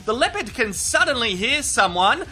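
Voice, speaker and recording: A man's voice: extremely high pitch, big pitch swings, moderate pace, pushed and bright, breathy edge. A man with an Australian accent narrating comic voiceover, cheeky, sweary and mock-dramatic. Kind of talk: comic nature-documentary voiceover.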